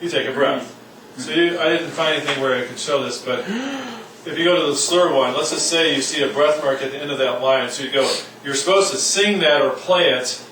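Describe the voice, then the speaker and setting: Man, music teacher, fairly high voice, loose joking delivery, distant mic, echoey room. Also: animated, brisk, a bit bright, slight background noise. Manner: loose and joking, sings demonstration syllables. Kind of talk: informal classroom lesson.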